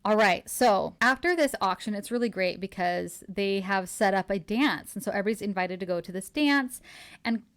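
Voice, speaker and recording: A woman hosting a book podcast, retelling a novel's plot in a casual, animated way and acting out the characters' quotes. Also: mid-range voice, moderate pace, clean tone. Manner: animated retelling, acts out quotes, laughs often. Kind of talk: casual book recap chat.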